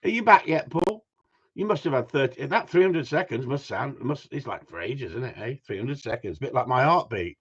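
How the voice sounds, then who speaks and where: Brisk and animated, a man with a husky, medium-pitched voice runs a casual livestream. He trades jokes with his chat and laughs frequently, though the audio is dull and lo-fi.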